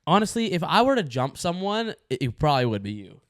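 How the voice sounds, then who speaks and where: A man co-hosting a podcast in casual chat, teasing and quick with jokes. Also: fairly high pitch, sing-song, fairly bright tone, dry recording, clean studio sound. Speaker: podcast co-host.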